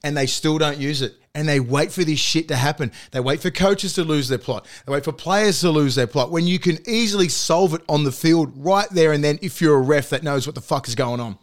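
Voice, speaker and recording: Australian man, podcast co-host, slightly high voice, heated sweary rant. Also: fairly quick, few pauses. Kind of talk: casual podcast chat.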